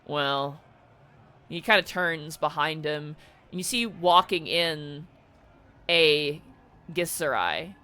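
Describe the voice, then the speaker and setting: A man narrating as dungeon master in a tabletop game, telling the story in an animated way and giving the characters voices. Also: fairly high pitch, takes it slowly, smooth.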